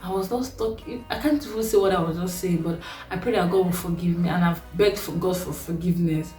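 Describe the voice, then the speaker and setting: A young Nigerian woman vlogger telling a personal story, animated and laughing often, her voice swinging sharply in pitch. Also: fairly quick. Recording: echoey room, voice a bit far from mic, faint music.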